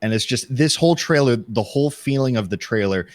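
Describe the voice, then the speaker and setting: A man chatting on a podcast, retelling his reactions in an animated way and acting out what he thought. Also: medium pitch, fairly quick, no room sound, studio quality. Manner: animated storytelling, acts out his own reactions. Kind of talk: casual podcast chat.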